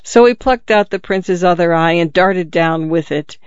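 A man narrating a fairy tale in a calm, measured reading. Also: high voice, smooth, no room sound. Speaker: storyteller. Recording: dull lo-fi, dry.

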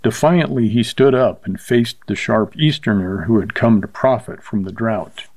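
Male audiobook narrator, measured and even, dead-dry recording. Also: fairly low pitch, no echo.

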